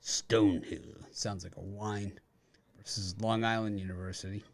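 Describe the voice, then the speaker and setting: Speaking at a normal pace in a lowish, fairly even voice, this man hosts a sports betting show. He runs through college matchups with dry jokes and wisecracks, keeping the betting talk casual.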